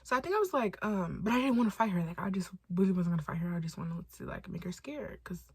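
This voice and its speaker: A young woman from Los Angeles telling a storytime vlog in casual, animated style, swearing freely and acting out quotes. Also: on the low side, fast, breathy edge, dry recording. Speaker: storytime vlogger.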